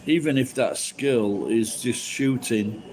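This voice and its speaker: A man's voice: mid-range voice, slow pace, a little mellow, poor audio. Drunk man rambling on a live stream. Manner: crude, swears a lot, rambling with restarts. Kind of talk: rambling casual chat.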